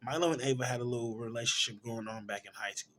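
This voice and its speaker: A man reviewing a film, retelling the plot in a casual, animated way and correcting himself as he goes. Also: mid-range voice, fast talker. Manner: animated storytelling, correcting himself mid-sentence. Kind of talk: casual movie plot recap.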